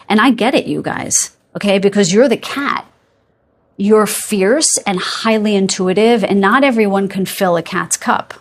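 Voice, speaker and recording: A woman giving a casual tarot reading to her viewers, chatty and full of asides, often checking in with "okay?" and "you guys". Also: mid-range voice. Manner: yawns and laughs while talking. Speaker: tarot reader.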